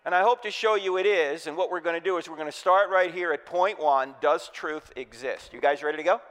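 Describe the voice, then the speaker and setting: Male church speaker from New Jersey, lively, quizzes the crowd, higher voice, reverberant hall. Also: a little fast. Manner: energetic, joking, quizzes the audience. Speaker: Christian speaker. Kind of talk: humorous apologetics sermon.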